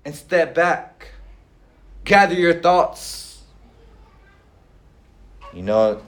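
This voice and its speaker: A middle-aged man preaching a sermon in a conversational way, with frequent fillers and pauses. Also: on the high side. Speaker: pastor.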